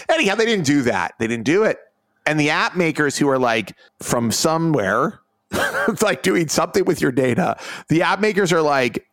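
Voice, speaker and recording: Sarcastic rambling man, lively pitch. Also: moderate pace, no echo. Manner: rambling, sarcastic, mocking bro impressions. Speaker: editor and co-host. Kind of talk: casual chat.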